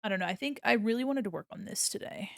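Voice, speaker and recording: A woman chats her way through a drawing livestream, laughing easily and explaining her steps as she goes. Her voice carries a light gravelly fry. She sits close to a desk microphone in a dry home room. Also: fairly high pitch, expressive, fast talker, no echo. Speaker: art streamer. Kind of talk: casual livestream chat while drawing.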